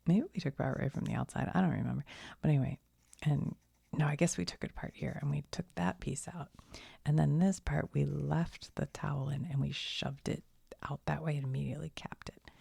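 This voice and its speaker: A middle-aged woman telling a rambling everyday story in soft-spoken ASMR style, often sinking into a whisper and chuckling as she goes. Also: low-pitched, gravelly, slightly rough, no room sound, clean studio sound. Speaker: ASMR channel host.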